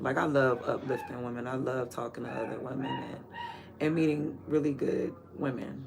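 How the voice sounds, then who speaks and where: A man's voice: mid-range voice, fairly even intonation, moderate pace, creaky, slight background noise. A man chatting casually and candidly in a rambling, slangy way while watering plants. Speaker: vlogger.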